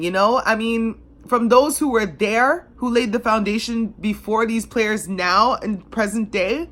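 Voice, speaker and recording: A woman's voice: a little high, moderate pace, few pauses, a bit bright. A woman from Canada telling her story as a devoted sports fan in a passionate, emotional, conversational way with many fillers. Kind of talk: personal storytelling to camera.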